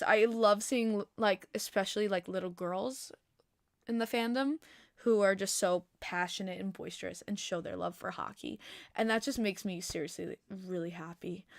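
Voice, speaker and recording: A young woman hosting a casual hockey podcast livestream, chatty and full of "like", breaking into loud disbelief at times, on a desk mic at home. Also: medium pitch, no echo. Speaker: podcast host. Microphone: desk mic, adjusting gain.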